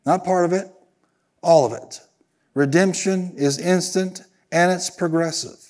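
Male preacher, higherish voice, repeats lines, gets the crowd saying stuff back. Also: fairly even intonation, measured pace, a little mellow. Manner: emphatic call-and-response preaching, repeating phrases. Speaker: pastor. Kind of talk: sermon.

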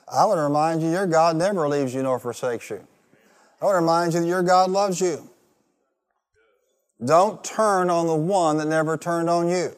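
A man's voice: a little high, normal speed, long reverb tail. A male pastor preaching a rousing sermon, leading the congregation in call-and-response. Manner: rousing, call-and-response, rising to loud peaks.

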